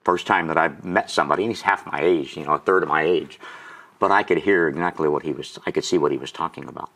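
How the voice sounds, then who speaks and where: Deep-voiced man in his sixties, choked up. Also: quick pace, a bit bright. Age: 60s. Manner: emotional, gets choked up telling his story. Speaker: guest auctioneer. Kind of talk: personal testimony storytelling.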